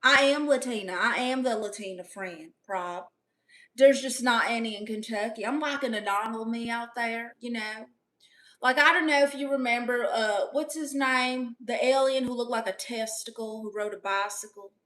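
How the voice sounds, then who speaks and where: A woman's voice: a little high, normal speed, a bit bright. A woman doing a comedic livestream in character, brash and playfully boastful as she reads out chat messages.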